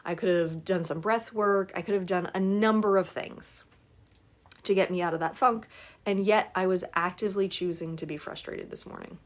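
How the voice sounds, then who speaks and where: A woman's voice: lowish voice, steady tone, moderate pace. A woman in her forties talking casually to her viewers as a life coach. She is chatty and keeps asking for agreement as she goes. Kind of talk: casual live talk to viewers.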